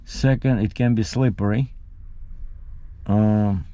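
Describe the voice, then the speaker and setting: A man's voice: lowish voice, slow, no echo. A man, a truck driver, telling stories in a casual vlog and acting out what people said, with a dry close sound. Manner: animated, acts out his own quotes, laughs at himself.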